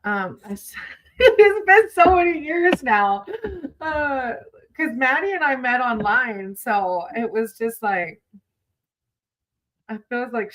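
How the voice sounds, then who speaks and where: On a low-quality recording, a woman with a somewhat high, slightly bright voice hosts a casual livestream. Between tarot readings she chats with viewers, giggles often, and calls people sweetie.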